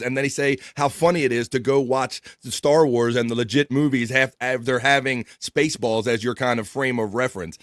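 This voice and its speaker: A man's voice: medium pitch, no echo, clean studio sound. A man hosting a casual interview, eagerly asking his guest questions. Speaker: host.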